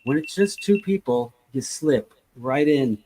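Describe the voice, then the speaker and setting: A man's voice: mid-range voice, lively intonation, unhurried, dark tone, slight background noise, low-quality recording. A man co-hosting a casual podcast who rambles and acts out little scenes as he talks. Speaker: podcast co-host.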